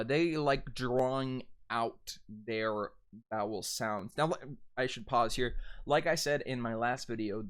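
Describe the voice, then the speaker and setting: A man's voice: mid-range voice, fairly bright tone. A young American man teaching dialect vowels in a casual how-to lesson, chatty, with fillers and self-corrections, drawing out sounds to demonstrate. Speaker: dialect coach.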